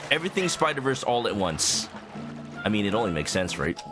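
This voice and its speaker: A man's voice: fairly low pitch, very animated, fairly quick. A man casually commenting while streaming a video game, playful and joking, rambling with little stammers, with game music behind him.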